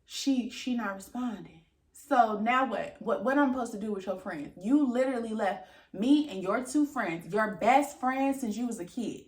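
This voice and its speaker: A woman's voice: on the high side, moderate pace, echoey room. A young woman casually telling an exasperated storytime, acting out quoted dialogue and swearing as she goes. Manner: animated, exasperated retelling with lots of quoted dialogue and cursing. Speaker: vlogger.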